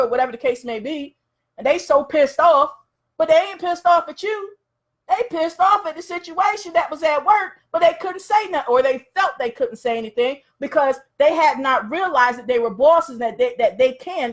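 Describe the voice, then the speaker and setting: A woman coach with a high voice gives a motivational talk in loose, everyday speech. She tells stories in a chatty, colloquial manner and keeps checking in with her listeners. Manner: casual, colloquial, storytelling. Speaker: life and business coach.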